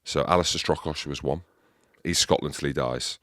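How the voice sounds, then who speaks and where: A man's voice: a bass voice, normal speed, fairly bright tone, dry recording, studio quality. A man hosting a podcast in casual chat, leading with emphatic questions. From England. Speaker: podcast host.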